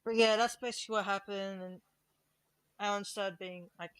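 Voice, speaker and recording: Smooth-voiced young Australian streamer, rambling. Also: male voice, high-pitched, fairly even intonation, normal speed, fairly bright tone, no room sound. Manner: rambling retelling, filler-heavy. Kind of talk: casual chat over voice call.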